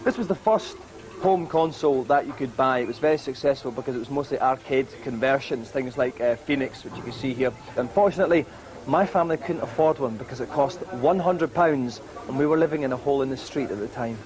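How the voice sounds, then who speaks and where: A man's voice: medium pitch, brisk. Twenty-something british guy reminiscing about old games, joking about himself. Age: 20s. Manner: jokey, self-mocking nostalgia. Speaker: guest presenter. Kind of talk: reminiscing presentation to camera. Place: retro games exhibition in a shop.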